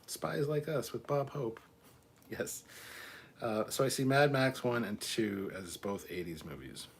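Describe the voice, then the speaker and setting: A man's voice: mid-range voice, expressive, a little slow, slight background noise. A man hosting a casual live stream, reading viewer comments aloud and answering offhand, sometimes swearing. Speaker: livestream host reading chat.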